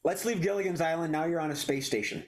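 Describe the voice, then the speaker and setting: A man's voice: fairly high pitch, fast talker. A man hosting an online improv comedy show, announcing games and scene prompts in a jokey way. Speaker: improv game host.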